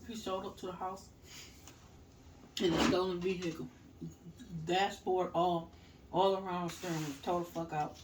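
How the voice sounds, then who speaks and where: A middle-aged woman casually telling a story, animated, laughing and swearing as she goes. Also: on the low side, measured pace, long pauses, far from the mic, background noise.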